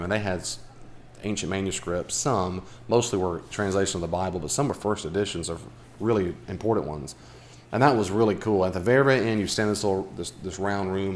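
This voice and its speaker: Low-voiced man teaching a small group. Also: slight background noise. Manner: chatty, animated, talks to the group with asides. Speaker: Bible study group teacher. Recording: live room recording, faint background.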